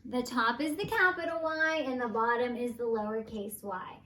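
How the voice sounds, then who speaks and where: A woman teaching young children, reading a story and leading a letter lesson with clear, sing-song prompts. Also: on the high side, normal speed, sharp tone. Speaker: preschool teacher. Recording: roomy, distant mic, faint background hum.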